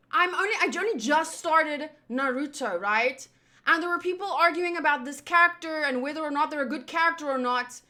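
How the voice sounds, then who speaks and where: High, bright-voiced woman venting. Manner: frustrated, swearing, rambling. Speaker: streamer and host. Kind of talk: casual venting to viewers.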